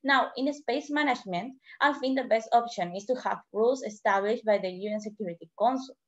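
A woman's voice: on the high side, a little fast, highs cut off. A young woman, a student debater, reading a prepared formal speech over a video call. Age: teenager or young adult. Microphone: computer mic on a video call.

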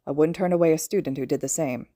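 A woman doing a low, quiet, weary male teacher. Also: fast talker, no room sound, studio quality. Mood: gentle, serious. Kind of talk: fan audiobook reading.

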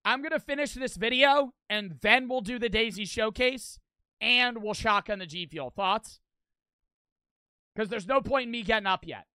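A young man riffing on a live stream, blunt and profane as he reacts and reads out donations. His voice is high, very bright and crisp. The sound is dry and close. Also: moderate pace, no room sound. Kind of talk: casual stream commentary.

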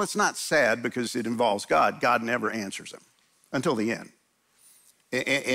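A middle-aged male pastor gives a chatty, animated sermon in a church. His voice is bright and forceful with a gravelly edge. He tells stories lively and acts out the quotes. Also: mid-range voice. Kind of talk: conversational sermon. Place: church sanctuary.

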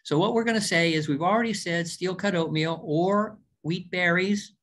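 A man speaking as a doctor in a casual recorded lecture, his voice sitting a little high for a man. He is folksy and emphatic, teasing his listeners and hammering points home through repetition. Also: normal speed, fairly bright tone. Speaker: doctor giving a diet lecture.

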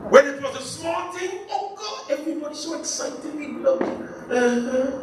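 A pastor leading a Bible study, lively and joking, asking the congregation to finish his phrases. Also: very high voice, normal speed, crowd noise. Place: church. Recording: echoey church room, far from mic, faint hiss.

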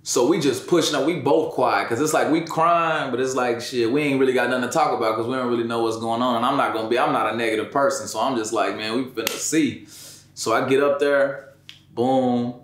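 Speaking briskly with fairly even intonation, a man describes his son's accident in an interview, his medium-pitched, slightly bright voice reverberating. The telling is emotional and casual, laced with slang and repeated "you know what I'm saying".

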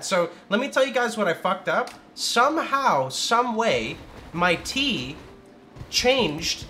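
Excitable man streaming a game, bright voice. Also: sits high. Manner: excitable, yelling out moves, swearing and laughing. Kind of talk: live gameplay commentary. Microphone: studio condenser microphone.

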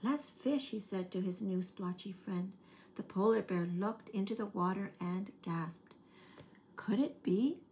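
A woman working as an early-years storyteller, reading a picture book aloud in a gentle, expressive way. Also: mid-range voice, measured pace, slight background noise.

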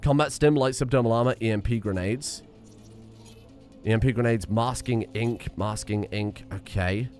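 A man's voice: medium pitch, normal speed, a little mellow, faint music behind. A man streaming a video game, rambling and self-mocking, swearing casually as he goes. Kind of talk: casual gameplay commentary.

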